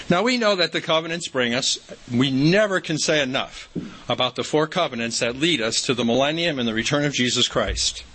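A male preacher delivering a sermon in a relaxed, folksy storytelling manner. He repeats key phrases for emphasis. His voice has a bright, forward edge at an ordinary male pitch. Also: normal speed, slight background noise, poor audio.

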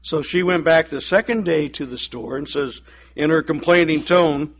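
A man's voice: fairly high pitch, normal speed, highs cut off. A man preaching a sermon, telling a joke and doing the voices of the people in it. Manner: storytelling, acts out voices in the joke. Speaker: pastor.

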